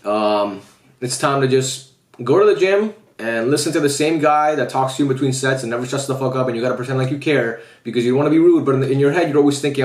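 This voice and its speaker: A man's voice: medium pitch, fast, roomy sound. A man football fan vlogging casually to his viewers, dejected and heartbroken, swearing often as he talks straight to them. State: heartbroken after a loss. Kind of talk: casual vlog rant.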